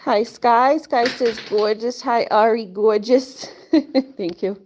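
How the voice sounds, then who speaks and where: Streaming from home on a phone or webcam, a woman rambles casually with viewers, full of "like" and small laughs, and coos to her pets. Her voice is on the high side and slow, with a little hiss or hum.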